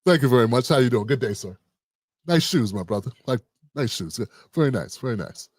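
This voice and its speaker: A man voicing a prim, overly polite gentleman cashing a check, stiff and formal. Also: medium pitch, animated, brisk, breathy edge, no echo, clean studio sound, voice pushed down. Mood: mock polite.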